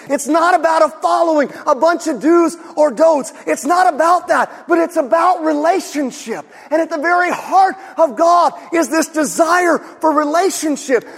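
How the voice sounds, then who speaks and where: A male pastor preaching a sermon with emphasis, often rising to shouts and asking rhetorical questions. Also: very high voice, in a large hall.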